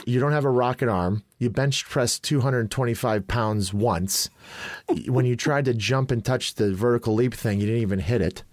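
A man's voice: mid-range voice, normal speed, no room sound, studio quality. A man from Chicago hosting a podcast, telling a story in casual chat, acting out quotes with laughs. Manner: animated, laughing storyteller who acts out quotes. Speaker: podcast host.

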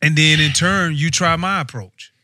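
Bright, higher-pitched man. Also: moderate pace, dry recording, clean studio sound. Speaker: co-host. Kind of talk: casual chat.

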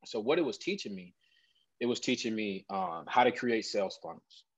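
A man, a guest in an interview, earnestly telling a personal story in an animated conversational way. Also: on the low side, moderate pace, breathy edge, dry recording, rough recording.

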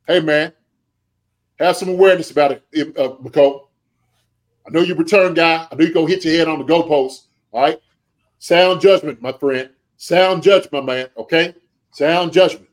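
A man with a fairly high voice delivers fired-up podcast commentary from home, grading a team like a coach. He lectures players bluntly and keeps checking in with "okay?". His voice climbs when he gets worked up and drops low between points. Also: normal speed, pauses often, rough recording. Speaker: former pro football player and special teams coach grading a team.

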